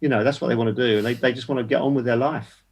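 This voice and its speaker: A man's voice: medium pitch, steady tone, rapid-fire. An older man, a guest activist on a casual online panel, making emphatic, indignant points and repeating words as he builds them.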